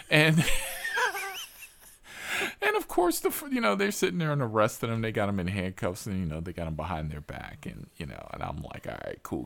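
A man who hosts a rideshare show, telling profane, animated stories in a casual interview. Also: lowish voice, moderate pace, gravelly, no echo. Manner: profane, animated storyteller with laughs. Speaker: rideshare driver and show host.

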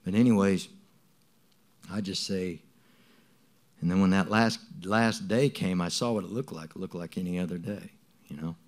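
Halting, earnest man giving testimony. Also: deep voice, a little mellow. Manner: halting and earnest, with many restarts and repeated words. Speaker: church member giving testimony. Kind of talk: spoken testimony to a congregation.

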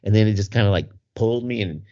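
A warm, lowish male voice talks fast as this middle-aged podcast co-host launches into a casual story. He's animated and keeps laughing throughout, all captured in a muffled, lo-fi recording.

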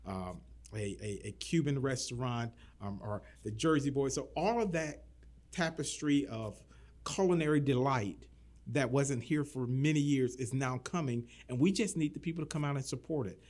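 Earnest man, city manager, mid pitch. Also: moderate pace, darkish tone. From Florida. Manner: earnest, repeats words when starting. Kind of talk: casual interview talk.

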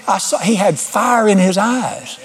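A man's voice: sits high, unhurried, breathy edge. A middle-aged man preaching an informal sermon, folksy and blunt, with sudden emphatic rises.

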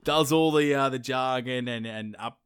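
A man's voice: mid-range voice, moderate pace, clear, resonant tone, no room sound. Male podcast host, comic storyteller, dry close mic. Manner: acts out characters in lively put-on voices. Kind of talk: casual comedic storytelling.

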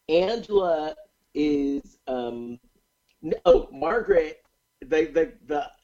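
A man with a medium-pitched voice casually recaps a movie's plot in a podcast chat, animated and full of fillers and restarts. The audio is dull.

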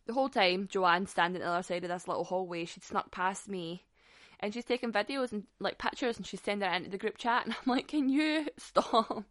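A woman in her twenties tells a story in a casual, blunt way, swearing freely and laughing along. Her voice sits at a middling pitch. The sound is dry and close, with no room echo. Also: a bit bright.

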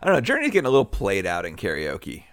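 A man's voice: on the low side, wildly swooping pitch, fast talker, fairly bright tone, no echo. A man co-hosting a casual podcast chat, joking and laughing often as he recaps a TV show. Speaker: podcast co-host.

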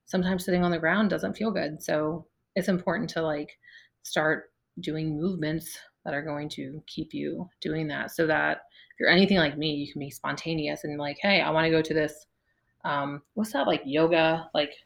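A woman's voice: sits low, steady tone, normal speed, gravelly. A woman around forty, a physical therapist guest, chatting casually in a podcast interview, laughing often and using many fillers.

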